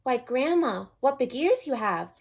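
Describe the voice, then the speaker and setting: A woman's voice: sits high, very animated, a little slow, creaky, pitched above the performer's own voice, heavily acted. Little girl in a red hood, light, polite, storybook, woman reading. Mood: innocent. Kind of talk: storybook read-aloud.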